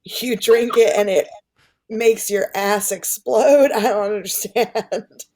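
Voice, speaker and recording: A woman in casual podcast chat, blunt and quick to laugh along with the others. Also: fairly high pitch, steady tone, warm tone. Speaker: podcast co-host.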